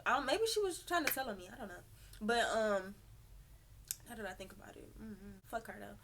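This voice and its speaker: Young woman, slightly high and bright, storytime vlogger who acts out every quote. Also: brisk, slight background noise. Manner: animated, profane, acts out quotes. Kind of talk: storytime vlog.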